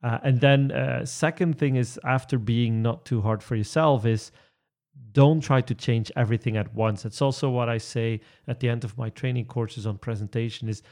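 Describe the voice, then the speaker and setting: A man's voice: mid-range voice, fairly even intonation, moderate pace, a little mellow. A man who coaches presentations, chatting in a podcast conversation with many fillers, restarts and chuckles. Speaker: presentation trainer.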